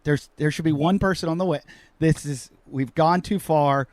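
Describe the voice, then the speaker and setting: A man with a fairly high voice hosting a podcast, riffing in an animated, rambling way and poking fun at himself. His voice is dry and close, with little room sound around it, and it carries the loose energy of a remote call between friends. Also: normal speed, no room sound. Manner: animated, rambling, self-mocking. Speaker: podcast host. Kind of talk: casual joking chat.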